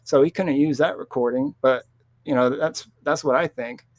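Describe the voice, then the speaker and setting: A man's voice: mid-range voice, moderate pace, no echo. A young man telling a rambling, casual story about his past, with restarts and quoted voices, close to the mic. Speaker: vlogger.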